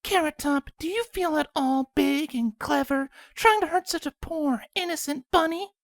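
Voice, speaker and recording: Woman voicing a timid young pegasus mare, soft-spoken, gentle, high. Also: normal speed, no room sound. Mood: calmly stern. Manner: soft and gentle, calmly stern when needed. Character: gentle shy young female pegasus pony.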